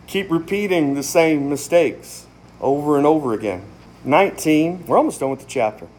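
High-voiced, emphatic man preaching. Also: lively intonation, normal speed, a little mellow. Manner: emphatic, conversational, laughs often. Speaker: pastor. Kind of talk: casual sermon, Bible study.

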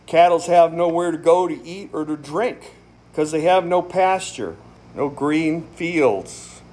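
Casting: pastor with a high male voice, relaxed and folksy, emphatic, breaks into laughs. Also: slow. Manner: emphatic, conversational, laughs often. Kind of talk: casual sermon, Bible study.

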